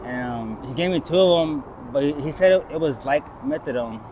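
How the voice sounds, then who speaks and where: A man's voice: a little high, lively intonation, fairly quick, darkish tone. A man being interviewed on the street, telling a rambling personal story and acting out what others said. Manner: rambling, acts out quoted voices. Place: outdoors by a street with traffic. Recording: outdoor street noise and traffic.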